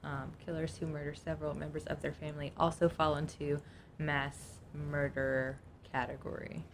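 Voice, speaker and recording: A woman with a notably low voice co-hosts a casual podcast, reading definitions from her notes in a chatty way. A faint rumble sits under the recording. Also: little pitch movement, fast. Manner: reads notes aloud, chatty, laughs easily. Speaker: podcast co-host.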